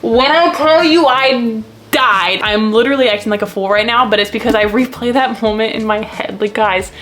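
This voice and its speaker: A young woman in her twenties chatting to camera about her books, gushing and excitable, rambling from one thought to the next. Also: a little high, moderate pace. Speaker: book vlogger. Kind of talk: casual chat to camera.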